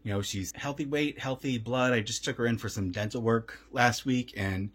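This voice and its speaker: A man's voice: medium pitch, moderate pace, a bit bright, slightly rough. A man talking casually at home on his vlog about his rescue cats, chatty and repeating himself. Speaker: vlogger and cat rescuer.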